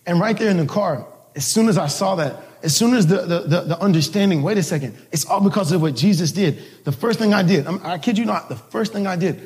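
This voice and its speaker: A man's voice: a little high, fairly quick, darkish tone. A male pastor telling a personal story in a sermon, casual and laughing, with many restarts. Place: church service.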